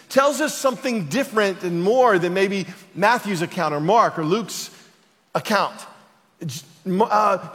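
A pastor with a high-pitched, slightly bright voice preaches a sermon in a church auditorium, speaking emphatically and building toward passionate declarations. The recording carries the long reverb of a large hall.

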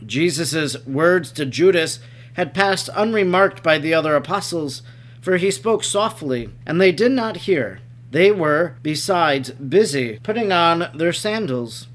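A man narrates a religious text aloud with a measured, even delivery. His voice sits notably high for a man. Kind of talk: scripted narration of a devotional text.

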